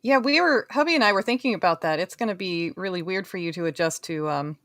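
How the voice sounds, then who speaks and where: A woman's voice: on the low side, fast talker, fairly bright tone, no echo, clean studio sound. A woman guest on a podcast, chatting in a bubbly, enthusiastic way. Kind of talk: casual chat.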